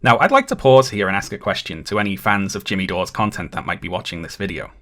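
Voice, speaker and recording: A man narrating a scripted video essay in a measured, dryly critical way. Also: low voice, expressive, a bit bright.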